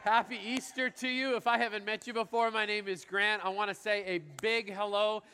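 A man preaching as a pastor, telling a story in an energetic, chatty, self-deprecating way. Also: sits high, fairly quick, smooth. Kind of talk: sermon with storytelling. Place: large church hall. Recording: church hall reverb.

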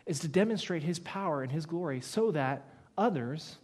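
A male preacher delivering a sermon with a somewhat high voice. He preaches dramatically, punching some phrases loudly and then dropping to hushed, low-pitched lines for effect. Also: expressive, moderate pace. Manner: dramatic, swings from loud emphatic bursts to hushed low phrases. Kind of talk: expository sermon.

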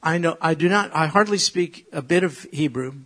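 A middle-aged man from New York with a New York accent, preaching and teaching from the Bible with animated, joking asides to his congregation. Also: a little high, moderate pace. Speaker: pastor.

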